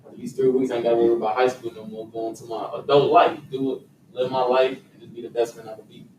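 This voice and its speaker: A high school senior, a young man, talking casually with slang. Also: little pitch movement, fast, a little mellow, slight background noise. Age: teens. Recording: distant mic in echoey room.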